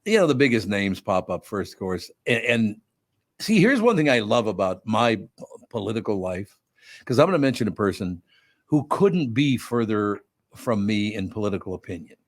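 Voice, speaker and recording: A man's voice: fairly low pitch, big pitch swings, normal speed, no echo, clean studio sound. An older man hosting a radio talk show, chatting casually and candidly, often correcting himself. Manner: rambling, candid, self-correcting.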